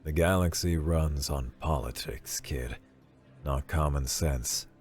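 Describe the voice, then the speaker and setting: A man doing a gruff, world-weary old welder. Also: slow, darkish tone, soft background music. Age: 50s. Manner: gruff, low, muttering advice. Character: gruff older male human welder, blunt, world-weary.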